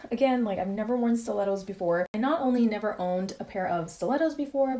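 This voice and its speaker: A young adult woman chatting casually in a haul vlog, rambling and excitable as she shows her shoes. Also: mid-range voice. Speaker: vlogger.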